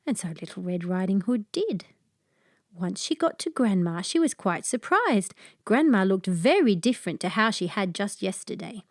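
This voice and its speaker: A woman narrates a children's fairy tale in a warm storytelling cadence. Her pitch rises and falls animatedly, in a sing-song reading manner. The recording is dry and close, with no room sound. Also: no echo.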